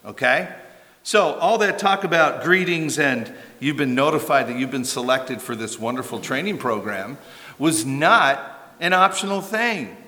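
A man's voice: mid-range voice, expressive, a little slow, sharp tone. Older male pastor in a reverberant hall. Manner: conversational and emphatic, with rhetorical questions and asides. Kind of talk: sermon. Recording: long reverb of a large hall.

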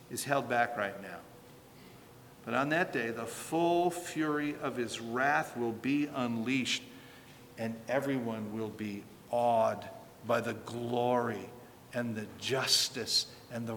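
A man's voice: mid-range voice, a bit bright, a little hiss or hum. A man preaching a sermon as pastor, emphatic and rising and falling in force, with rhetorical questions. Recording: reverberant hall with faint ambience.

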